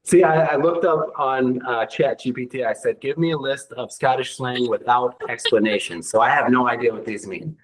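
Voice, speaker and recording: A man's voice: medium pitch, moderate pace, hardly any pauses, poor audio. A man with an American accent hosting a casual interview, upbeat and curious as he asks about slang. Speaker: host.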